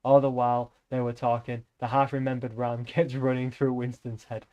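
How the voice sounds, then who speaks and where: A man's voice: medium pitch, level tone, normal speed, warm tone, dull audio. A man reading a novel aloud on a live stream, breaking off often for rambling, joking asides to his chat.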